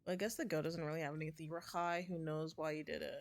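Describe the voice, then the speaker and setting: A woman's voice: low-pitched, little pitch movement, fast, creaky, soft background music. A woman streaming a game, reading the dialogue aloud between chatty asides. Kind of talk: casual gameplay commentary.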